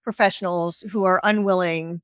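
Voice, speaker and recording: A middle-aged woman from the northern United States, talking earnestly and in measured phrases as a podcast guest and reading a page of her own book aloud. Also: on the low side, fairly even intonation, a bit bright, smooth, no room sound, studio quality. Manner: earnest, measured, pauses with fillers.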